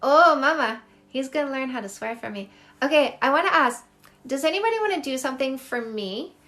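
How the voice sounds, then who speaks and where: Woman, middle-aged, from Canada, dating coach, high voice, effusive, chatty live stream, phone mic. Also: lively intonation, a bit bright. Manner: effusive, gushing, quick and chatty. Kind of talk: casual live-stream chat reading viewer comments.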